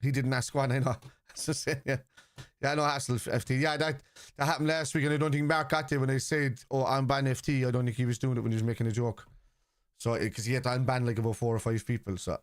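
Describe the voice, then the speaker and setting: A man's voice: mid-range voice, steady tone, fast talker, no echo, clean studio sound. A man from Liverpool in casual live-stream chat, rambling and teasing commenters as he reads out messages during a football watchalong.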